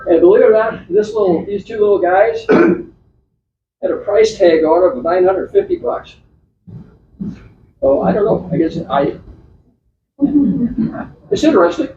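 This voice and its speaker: A man's voice: sits high, animated, a little slow, pauses often, mellow, a little hiss or hum. A man giving an informal slide talk at a club meeting, chatty and rambling, with many restarts and fillers. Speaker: club presenter. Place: meeting room. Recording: echoey, distant, dull club meeting recording.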